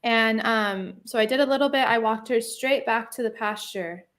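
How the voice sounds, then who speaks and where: A woman's voice: fairly high pitch, moderate pace, a bit bright. A woman telling a personal story in a casual interview, chatty, laughing often and using lots of fillers. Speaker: guest.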